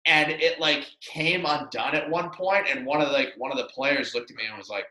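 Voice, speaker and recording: A man's voice: fairly high pitch, moderate pace, bright, forceful tone, reverberant, poor audio. A young man co-hosting a podcast, telling a story in a rambling, self-deprecating way with many fillers. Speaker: podcast co-host. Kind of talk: casual storytelling chat.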